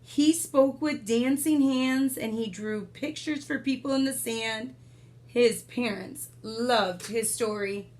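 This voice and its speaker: Storyteller: woman, high voice, slow and expressive bedtime read-aloud with asides. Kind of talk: reading a picture book aloud.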